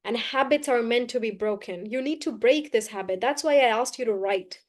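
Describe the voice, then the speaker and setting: A woman teaching a live online class, brisk and coaxing, often repeating key phrases. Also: on the high side. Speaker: English teacher.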